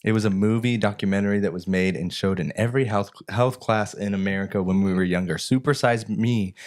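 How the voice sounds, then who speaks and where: A man, co-hosting a casual podcast and telling animated stories. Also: lowish voice, a little fast. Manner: animated storyteller, mimics voices in anecdotes. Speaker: podcast co-host. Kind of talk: casual chat.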